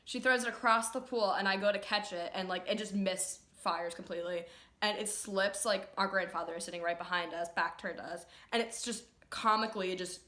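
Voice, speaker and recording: A woman's voice: medium pitch, fairly even intonation, brisk, bright, forceful tone, reverberant. A young woman chatting casually with her sister while doing makeup, teasing and laughing as she tells stories. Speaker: co-host. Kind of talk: casual chat. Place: home room. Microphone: phone camera close up.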